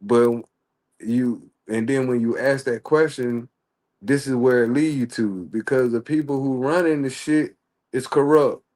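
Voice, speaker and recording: A man's voice: mid-range voice, fairly even intonation, unhurried, a little mellow. A man ranting in casual livestream commentary, heated and profane. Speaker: streamer.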